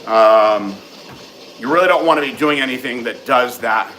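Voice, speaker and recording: Frank, bright-voiced man answering questions. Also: medium pitch, moderate pace, a little hiss or hum, low-quality recording. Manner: frank, matter-of-fact advice with many fillers. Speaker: host answering viewer questions. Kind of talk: casual live Q and A.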